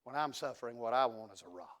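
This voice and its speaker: A middle-aged man, preaching a sermon in a church and swinging from hushed asides to loud declarations. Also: mid-range voice, animated, fast. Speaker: pastor. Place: church sanctuary.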